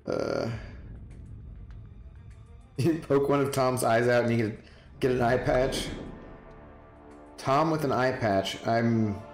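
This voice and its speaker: A man streaming games talks in a mid-range voice, drifting through casual chat and addressing viewers one at a time by name. Clear background music runs under his voice, which echoes in a roomy space.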